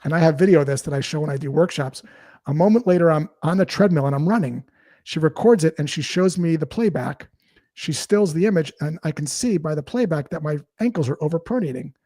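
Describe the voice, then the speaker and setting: A man's voice: fairly high pitch, fairly quick, mellow, no room sound, clean studio sound. Upbeat man telling sales stories. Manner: explains through anecdotes and example dialogue. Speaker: sales expert guest. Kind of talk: conversational interview storytelling.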